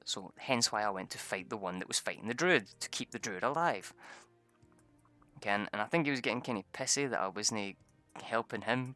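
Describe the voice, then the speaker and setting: A man's voice: lowish voice, bright, forceful tone, no echo. A man telling a rambling story about a tabletop game session, swearing often and laughing a lot. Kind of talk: casual storytelling.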